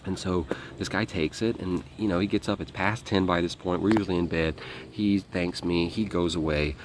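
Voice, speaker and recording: Low-voiced man telling a wild story. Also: moderate pace, noisy background. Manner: animated, acts out quotes, swears freely. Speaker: interview guest telling a war story. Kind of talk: casual storytelling.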